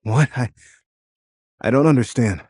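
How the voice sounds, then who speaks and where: A man's voice: mid-range voice, measured pace, a little mellow, slightly rough, no echo, pitched above the performer's own voice. A man voicing a flustered, defensive young man who stammers in an audio drama.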